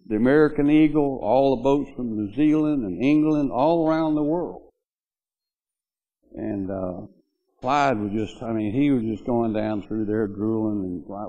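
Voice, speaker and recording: An older man speaking at a memorial tells rambling, homespun stories about a late friend, peppered with "you know." His voice is mellow and warm at a middle pitch. The recording sounds dull and lo-fi, like an old home video. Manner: folksy, rambling storyteller, many "you know"s. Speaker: eulogy speaker. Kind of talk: memorial speech with anecdotes. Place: memorial gathering, speaking to mourners.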